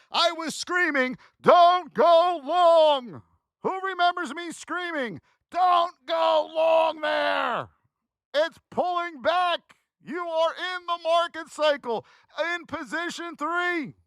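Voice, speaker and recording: Woman trading teacher, high pitch, unhurried but animated and scolding, dry close sound. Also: no echo. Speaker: trading educator. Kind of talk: live-streamed trading lesson.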